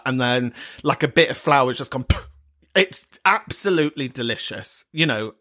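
A man's voice: on the high side, a bit bright. A British man hosting a comic call-in podcast, camp and teasing, who swears freely and laughs often. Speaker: podcast host.

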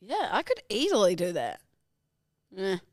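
A woman's voice: mid-range voice, huge pitch swings, no echo, studio quality. A young woman, co-hosting a podcast in playful, teasing casual chat. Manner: playful, giggly, quick to tease. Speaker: podcast co-host.

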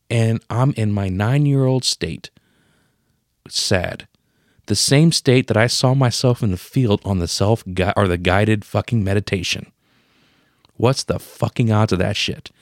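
A man in his thirties telling a personal story on a podcast, emotional and profane, marking each scene change with a sudden boom. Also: no room sound, clean studio sound. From Pennsylvania. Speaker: podcast co-host. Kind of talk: casual storytelling.

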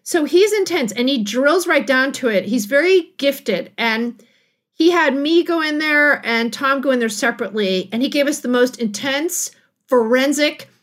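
A middle-aged woman, a guest author on a podcast, telling a personal story in a casual, animated way and laughing often. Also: high-pitched, normal speed. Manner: animated, laughing, acts out quotes.

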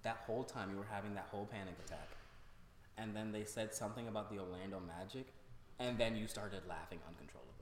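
A man's voice: lowish voice, fast talker, echoey room, long reverb tail, a little hiss or hum. A young man co-hosting a podcast, chiming in with teasing details in casual chat. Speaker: podcast co-host.

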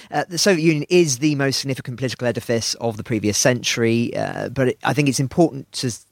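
A man's voice: mid-range voice, no room sound. Earnest British man, dry close sound. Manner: earnest, emphatic, frequent restarts. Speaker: podcast co-host. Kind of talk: analytical podcast discussion.

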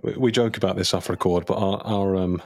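A man's voice: low-pitched, fairly even intonation, a little fast, a little mellow, no room sound, clean studio sound. A man co-hosting a podcast, chatting casually with rambling, self-mocking jokes. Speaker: podcast co-host.

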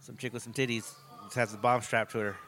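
Mid-pitched man cracking jokes. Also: little pitch movement, fairly bright tone, slight background noise. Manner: mocking, joking, quick reactions. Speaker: co-host riffing on a movie. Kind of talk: casual profane movie commentary.

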